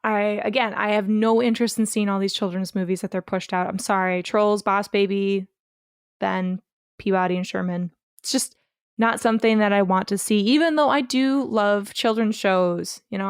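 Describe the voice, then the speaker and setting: A young woman co-hosting a casual podcast, emphatic and gushing as she talks. Her voice is smooth and resonant, recorded dry and close with no room sound. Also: mid-range voice, steady tone, moderate pace, no echo. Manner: gushing, emphatic, swears freely. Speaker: podcast co-host. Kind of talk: casual chat.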